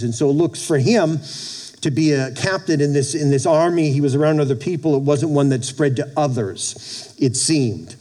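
A male preacher with a mellow, warm voice pitched a little high tells a story from the pulpit. He speaks haltingly, repeats words and plays out the characters' lines himself. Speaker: pastor. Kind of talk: sermon.

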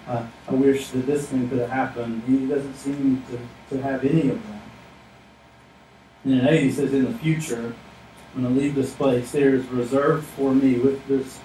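A man's voice: mid-range voice, dark tone, a little hiss or hum. A man preaching a sermon as a pastor, emphatic and earnest, often speaking a biblical figure's lines in first person. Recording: echoey room, mic at a distance.

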